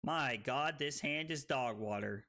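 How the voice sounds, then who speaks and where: A man streaming a card game, tipsy from drinking, who breaks into loud excited outbursts and giggly laughter. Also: mid-range voice, unhurried. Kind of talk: live stream gameplay commentary.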